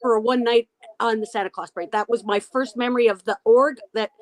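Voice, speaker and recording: A woman from Canada with a fairly high voice speaks as a guest on a video-call interview. She talks hesitantly, restarting her sentences often. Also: fairly even intonation, fast. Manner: hesitant, many restarts and fillers.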